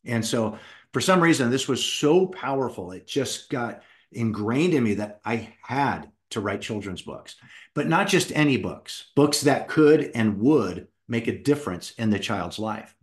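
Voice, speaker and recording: A middle-aged man who writes children's books tells his personal story in an animated way and acts out what he said back then. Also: mid-range voice, a little slow. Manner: animated, acts out his own past words. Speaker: children's book author and founder.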